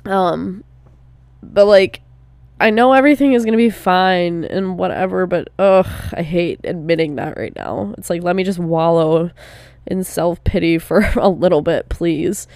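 Slow, smooth-voiced young woman venting. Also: fairly low pitch, darkish tone, no room sound. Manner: casual, swearing, many "like" and "um" fillers; slow, drawn-out delivery. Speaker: vlogger. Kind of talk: candid personal vlog.

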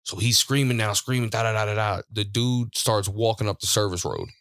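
Podcast host, man, lowish voice, dry close sound, loose and profane storytelling. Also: brisk, a bit bright, dry recording. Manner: laid-back, profane, laughs often while telling stories. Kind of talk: casual storytelling chat. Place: studio.

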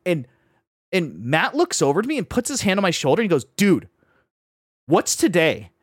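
A man telling a long story in casual chat, animated, acting out his friends' voices and filling his talk with "like" and "right?". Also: sits high, slightly rough, dry recording, studio quality. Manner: fast, full of "like" and "right?".

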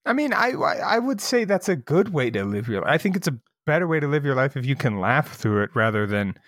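A young man co-hosting a podcast, riffing loosely and cursing without a second thought. His pitch swings around a lot as he talks. He is recorded dry and close. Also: a little fast, dry recording. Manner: animated, swears casually, riffs on jokes. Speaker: podcast co-host. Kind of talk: casual podcast banter.

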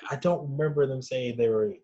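Relaxed man on a dull lo-fi mic. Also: medium pitch, fairly quick. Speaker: podcast co-host. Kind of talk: casual movie review chat.

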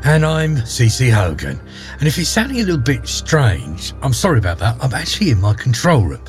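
A man's voice: medium pitch, wildly swooping pitch, fairly quick, soft background music. A man narrating a fairy tale in a chatty, informal way, with asides to the listener. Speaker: host and storyteller. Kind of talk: storybook narration. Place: home studio voice booth. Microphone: studio microphone.

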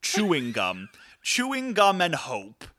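Lively man chatting as a podcast guest. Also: high voice, slow pace, a little hiss or hum. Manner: expressive, jokey and exaggerating. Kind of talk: casual chat about a film.

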